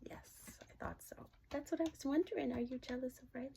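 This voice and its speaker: A middle-aged woman gently asking questions aloud in a casual session, hesitant and often dropping to a whisper. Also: high voice, creaky, noisy background. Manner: soft-spoken, halting, often drops to a whisper. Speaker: dowsing-rod reader.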